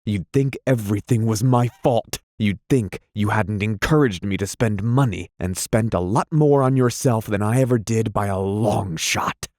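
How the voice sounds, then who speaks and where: A man reading aloud, playing a self-pitying, quick-tempered young husband who drinks, plaintive and flaring. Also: on the low side, darkish tone, natural voice. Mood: angry. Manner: plaintive, flaring into weak anger.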